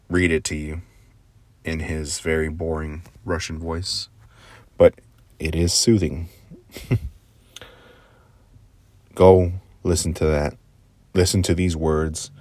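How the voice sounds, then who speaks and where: A man with a very deep voice delivers a rambling, earnest motivational talk. He swears casually and keeps dropping into quiet asides. The sound is dry and close, with no room around it. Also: no room sound. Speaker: motivational speaker.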